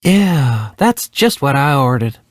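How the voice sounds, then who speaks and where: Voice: medium pitch, very animated, slow pace, dry recording, studio quality. A voice actor voicing a casual, hungry customer in a video game who grows impatient with the wait. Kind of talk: game voice clips.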